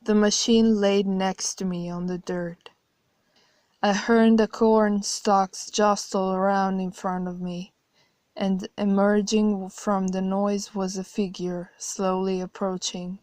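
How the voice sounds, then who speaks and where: A woman narrating a horror story in a measured, quiet way. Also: mid-range voice, little pitch movement, no room sound.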